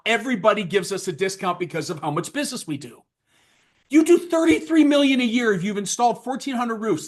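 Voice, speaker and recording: A man giving a casual sales training talk, blunt and worked up, swinging from loud outbursts to low asides.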